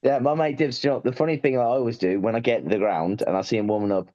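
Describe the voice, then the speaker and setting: A man's voice: medium pitch, quick pace, dark tone, dull audio. A man chatting casually as a podcast guest about football, joking and rambling with lots of fillers, while he has covid.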